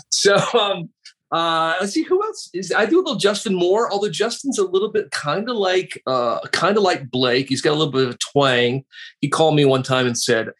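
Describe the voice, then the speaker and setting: A man chatting as a podcast guest, telling stories in a warm, easygoing way. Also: on the high side, expressive, moderate pace. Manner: chatty, warm storyteller who slips into impressions. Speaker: guest, radio personality and author. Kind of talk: casual interview talk.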